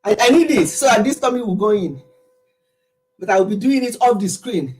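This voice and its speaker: A woman's voice: mid-range voice, lively intonation, fairly quick, darkish tone. A middle-aged Nigerian woman chatting casually with her livestream viewers, laughing often as she tells stories. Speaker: livestream host.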